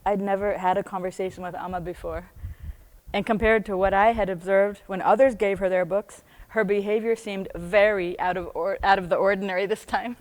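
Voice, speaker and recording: A woman's voice: mid-range voice, steady tone, a little fast, a little mellow. An American woman reading aloud from her own book, breaking off often into chatty asides and laughing as she goes. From United States.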